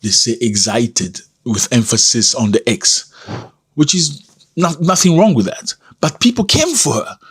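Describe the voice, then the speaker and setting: A man hosting a casual commentary video, talking in an animated, emphatic way and jumping up in pitch to stress his points; English is not his first language. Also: unhurried, breathy edge. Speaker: commentary channel host.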